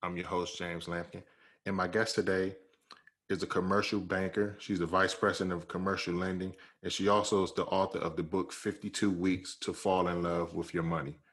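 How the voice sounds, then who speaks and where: A man's voice: sits low, level tone, a little fast, a bit bright. A man hosting an interview podcast, easygoing and laughing along with his guest. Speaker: podcast host. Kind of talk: casual interview chat.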